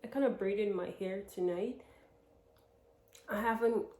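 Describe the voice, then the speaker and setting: A woman's voice: medium pitch, a little slow, dark tone, slight background noise. A young American woman vlogging, chatting to her viewers in a rambling way with lots of fillers and restarts. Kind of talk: casual chat to camera. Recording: echoey room.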